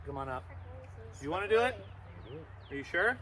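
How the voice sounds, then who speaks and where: A man's voice: fairly high pitch, big pitch swings, moderate pace, crowd noise. A man presenting a live animal show to kids, playful and teasing.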